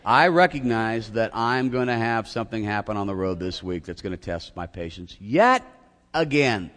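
Long hall reverb colors the sermon of this middle-aged male pastor, whose voice is on the low side and whose speed is normal. He tells an animated story that pokes fun at himself and acts out some shouting.

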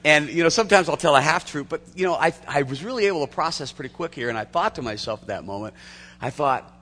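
A male pastor delivers a sermon in an animated, storytelling manner, with frequent restarts and laughter breaking in. His voice is bright and swings widely in pitch. The sound carries a long reverb, as in a large church hall. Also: quick pace.

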